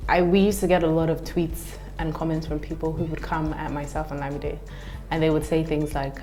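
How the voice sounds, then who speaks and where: A woman's voice: low-pitched, fairly quick, faint music behind. A woman with a British London accent, a TV host and actress chatting frankly as a guest. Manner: frank, animated storyteller. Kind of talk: casual chat.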